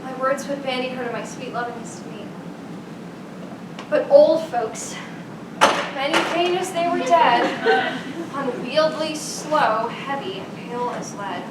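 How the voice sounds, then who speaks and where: A woman's voice: lively intonation, measured pace, long pauses. A woman acting a young girl in love in a live stage play, speaking classical verse with pleading impatience. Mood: wistful impatient. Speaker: stage actor. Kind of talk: live student stage performance. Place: theater stage. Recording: echoey hall from far off, rumble.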